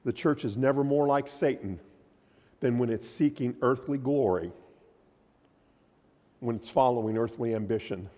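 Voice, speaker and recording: A man preaching a sermon as pastor, emphatic, his voice swinging from loud declarations to quiet, low lines. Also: normal speed, long pauses. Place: church sanctuary. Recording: long hall reverb.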